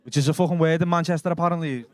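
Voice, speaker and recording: A young man with a Liverpool Scouse accent doing a stand-up set in a comedy club, chatty and sweary, telling quick stories and working the crowd. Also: on the high side, fairly even intonation, a little mellow. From Liverpool, England.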